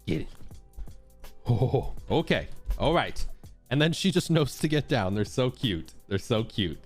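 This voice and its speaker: Animated young man streaming over game music. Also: mid-range voice, unhurried. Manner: animated, chatty, shouts out subscribers. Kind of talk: casual gameplay commentary. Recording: game music playing behind.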